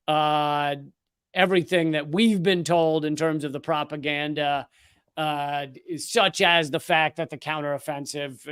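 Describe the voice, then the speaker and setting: A man's voice: a little high, smooth, no echo, studio quality. Sardonic, profane male commentary host. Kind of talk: live political commentary.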